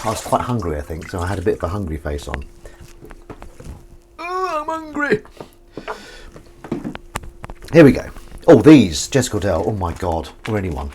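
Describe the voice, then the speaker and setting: A low-voiced Englishman chats to his live viewers from a home kitchen, his pitch leaping up and down as he rambles. He reads comments aloud and swears casually. Faint water and clinking dishes sit behind him. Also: darkish tone, a little hiss or hum. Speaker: live streamer. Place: home kitchen, washing up at the sink.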